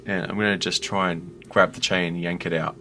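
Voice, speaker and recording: A man playing a tabletop game, describing his character's actions and sometimes bellowing loudly in character. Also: low voice, little pitch movement, fairly quick, slight background noise. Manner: bursts into loud bellowing when in character. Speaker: player.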